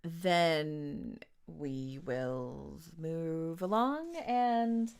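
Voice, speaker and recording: A woman's voice: deep voice, animated, extremely slow, gravelly, a little mellow, clean tone. A woman with a Canadian accent hosting a livestreamed book launch, chatting casually, laughing and apologizing over technical trouble.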